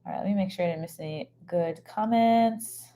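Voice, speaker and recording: Her warm, lowish voice moving fairly quickly, a woman comedian rambles scatterbrained through a casual live stream in a hotel room, using plenty of fillers. She's recorded on a microphone set up for streaming.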